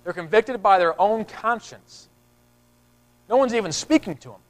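A man's voice: high voice, expressive, moderate pace, rough recording. A man preaching a sermon in a conversational way, often repeating words and acting out the people in the story. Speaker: pastor.

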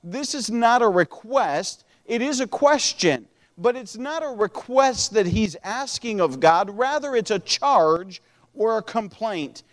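A man's voice: high-pitched, animated, measured pace, in a large hall. A man preaching a sermon as a pastor, in a conversational style with frequent restarts.

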